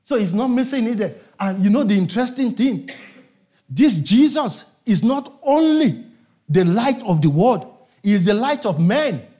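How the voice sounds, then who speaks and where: A man's voice: high voice, lively intonation, moderate pace, mellow. A man preaching a sermon to a congregation, emphatic and repetitive, calling on his listeners to answer.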